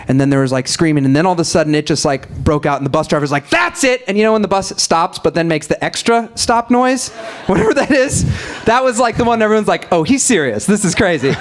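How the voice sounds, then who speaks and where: A man with a somewhat high-pitched voice tells a loose comedic anecdote at a live show. He is chatty and wry and breaks into laughter between lines. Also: clear, resonant tone. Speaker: podcast co-host. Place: live show at a music venue.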